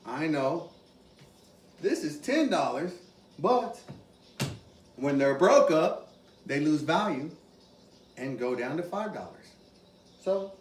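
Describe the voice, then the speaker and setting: A man hosting a casual cooking demonstration, animated and exclamatory as he talks straight to his viewers. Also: on the high side. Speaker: cooking video host. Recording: roomy, from far off, faint ambient noise.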